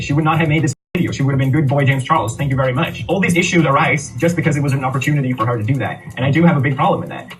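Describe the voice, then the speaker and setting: A man's voice: on the high side, a bit bright. A man giving critical, blunt commentary on a video, played from a clip. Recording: distant voice over music, played from a video.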